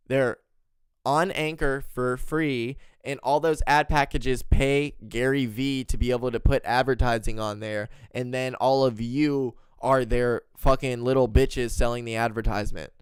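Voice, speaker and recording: A man's voice: mid-range voice, clean tone, dry recording, clean studio sound. A man hosting a podcast, ranting casually and swearing often. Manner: profane, ranting, animated. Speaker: podcast host.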